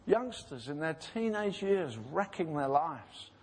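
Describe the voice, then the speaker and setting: A man's voice: a little high, big pitch swings, takes it slowly, slightly rough. A man preaching a sermon in a church, impassioned and pleading, acting out voices in retold scenes. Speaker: pastor.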